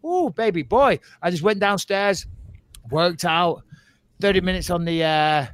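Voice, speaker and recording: A man with a fairly high voice, recorded close and dry with no room sound. He tells stories in a loose, animated podcast way and swears often. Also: unhurried, dry recording. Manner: animated storyteller, swears freely. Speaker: podcast co-host. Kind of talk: casual podcast chat.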